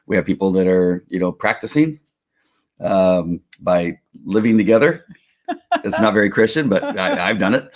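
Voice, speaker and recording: A middle-aged man hosting a casual livestream, rambling with lots of restarts and chuckles. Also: fairly low pitch. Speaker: host of a faith and politics livestream.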